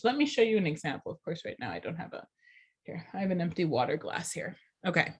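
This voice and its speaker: A woman giving a class lecture as a teacher trainer. She speaks clearly and deliberately and keeps asking the class questions. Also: on the low side, big pitch swings.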